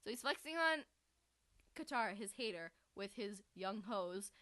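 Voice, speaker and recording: A woman's voice: medium pitch, expressive, normal speed, sharp tone, no echo. A young woman co-hosting a comedy podcast, chatting casually with rambling, giggly asides. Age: young adult. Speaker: podcast co-host.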